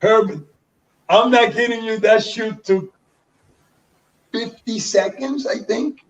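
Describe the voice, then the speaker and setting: A high-pitched man from Panama, a guest sharing stories with lively energy and acting out each person's lines. He sits well back from the mic, and the sound is dull and slightly lo-fi. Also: slow, far from the mic. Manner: animated storyteller who acts out others' dialogue. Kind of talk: casual storytelling interview.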